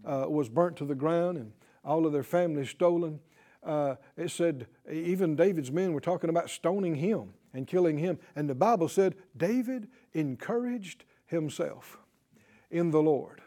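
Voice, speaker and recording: A middle-aged man preaching a sermon, often chuckling, pleading and exhorting, dropping low and quiet and then bursting out loud. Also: normal speed. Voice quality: lively, swooping delivery that drops low and quiet then bursts loud and high. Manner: chuckles through his lines, mimics whiny voices, pleads and exhorts.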